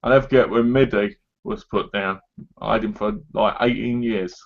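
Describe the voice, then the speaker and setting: A man's voice: lowish voice, steady tone, normal speed, creaky, highs cut off, a little hiss or hum. A man co-hosting a casual chat about games, rambling and tagging his sentences with "right?" and "you know". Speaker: co-host.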